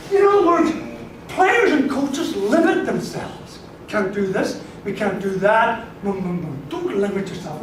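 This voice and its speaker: Animated man speaking in an echoey hall. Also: very high voice, noisy background. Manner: animated, laughing, acts out quoted voices, asks "right?" often. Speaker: sports psychology speaker. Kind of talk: lively motivational talk to a live audience. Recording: echoey hall, miked from far off.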